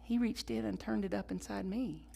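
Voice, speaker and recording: A woman pastor preaching a sermon, swinging from loud emphatic lines to hushed whispers and leading call-and-response. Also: medium pitch, fairly even intonation, moderate pace, vocal fry. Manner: leads the congregation in call-and-response; conversational, with laughs and asides.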